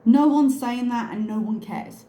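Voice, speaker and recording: A woman's voice: on the high side, unhurried, warm tone. A woman hosting a reaction channel, giving sarcastic and disbelieving commentary on a video. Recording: roomy echo.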